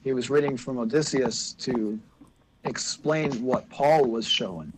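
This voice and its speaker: A man's voice: mid-range voice, a little slow, low-quality recording. A man on a casual livestream, retelling a religious story in a rambling, hesitant way. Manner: rambling, hesitant, many fillers and restarts.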